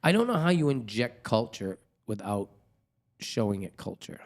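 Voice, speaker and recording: A man's voice: lowish voice, normal speed. A middle-aged man hosting a podcast, chatting casually, swearing and joking. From New England. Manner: swearing, joking, animated impressions of others. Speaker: podcast host. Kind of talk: casual chat.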